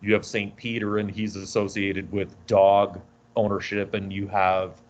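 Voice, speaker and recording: A man with a fairly low voice rambles from one tangent to the next, swearing freely as a podcast co-host. The audio is dull and lo-fi. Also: flat delivery, measured pace. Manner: rambling, profane, tangent-prone. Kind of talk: casual podcast chat.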